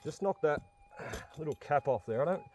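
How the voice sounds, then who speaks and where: A man's voice: fairly high pitch, lively intonation, normal speed, darkish tone, a little hiss or hum. A man, hosting his own metal detecting videos outdoors in the bush and chatting straight to his viewers. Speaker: metal detecting channel host. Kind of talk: outdoor narration while detecting.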